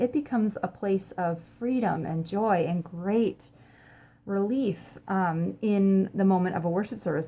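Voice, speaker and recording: A woman's voice: lowish voice, dark tone. A woman pastor giving a casual, upbeat teaching talk to camera, chatty with frequent ums. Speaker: pastor and host of a short church video series.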